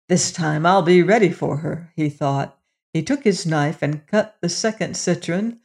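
A storyteller reading a fairy tale aloud in a measured, gently expressive way. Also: medium pitch. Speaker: narrator.

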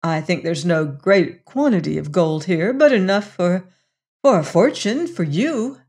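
A woman's voice: on the low side, measured pace, a little mellow. A woman voicing a shy but spirited young frontier girl in an audiobook, speaking with impassioned earnestness. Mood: earnest. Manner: impassioned, pleading.

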